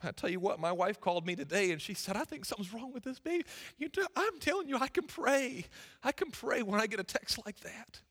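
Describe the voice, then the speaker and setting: A man's voice: high voice, expressive, fairly quick, a bit bright. A young man preaching a sermon in a church, impassioned, with folksy turns of phrase. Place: church sanctuary. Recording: reverberant hall.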